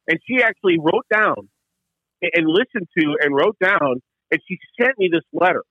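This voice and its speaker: High, bright-voiced storytelling man. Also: normal speed, no room sound. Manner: animated, acts out voices in his stories. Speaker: podcast co-host, hockey play-by-play announcer. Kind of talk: casual storytelling. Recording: slightly dull, dry sound.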